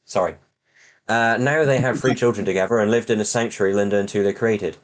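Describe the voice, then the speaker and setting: A man's voice: fairly low pitch, steady tone, a little fast. A man reading a children's novel aloud to friends, breaking off with sarcastic asides. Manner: sarcastic asides, mock-dramatic. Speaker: reader on a voice chat.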